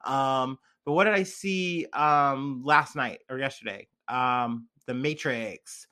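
A young man, a little drunk and high, talking in a loose, rambling vlog monologue full of fillers and slang. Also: slow pace, bright, forceful tone, clean tone. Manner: laid-back, heavy on fillers and slang. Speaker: vlogger.

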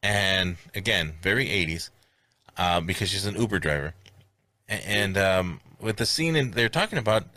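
A man's voice: low voice, animated, normal speed, bright, forceful tone, no room sound. A man hosting a comedy podcast, joking and rambling with restarts. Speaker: podcast host. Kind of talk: casual comedy podcast chat.

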